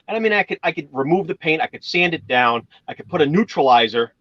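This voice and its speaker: A man's voice: on the high side, expressive, quick pace, hardly any pauses, no echo, dull audio. A man from Massachusetts chatting casually, rambling through stories and swearing now and then. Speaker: channel host. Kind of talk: casual chat.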